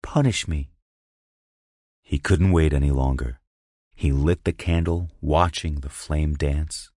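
A man narrating an erotic audio story with a slow, hushed, lingering delivery on a close mic. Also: a bass voice, steady tone, no echo.

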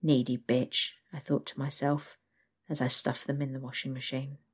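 A woman reading a first-person erotic story aloud in a hushed, intimate storytelling manner. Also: a bass voice, completely flat delivery, moderate pace, husky. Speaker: narrator.

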